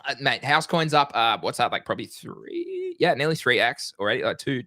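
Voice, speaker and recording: A young man co-hosting a casual crypto trading live stream, energetic and slangy. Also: medium pitch, fast talker, no echo, studio quality. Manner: energetic, excitable, slangy, swears.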